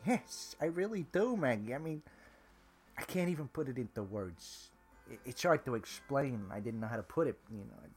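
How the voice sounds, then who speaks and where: A man's voice: mid-range voice, expressive, moderate pace, a little mellow, soft background music, close to an everyday voice. A man playing a shy, stammering hotel worker. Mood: earnest. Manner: hesitant, stumbling.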